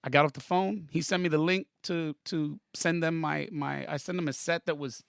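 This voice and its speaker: This podcast guest is a male comedian with a fairly high voice, vocal fry and a clean tone, recorded dry with clean studio sound at a moderate pace. Excited and profane, he spins animated stories in the interview and performs each quote.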